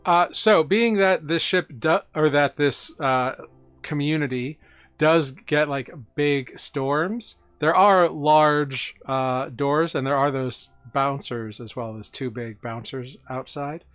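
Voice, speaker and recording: A man's voice: fairly high pitch, slow pace, a bit bright, clear, resonant tone. A man narrating as game master for a tabletop game, rambling with many fillers.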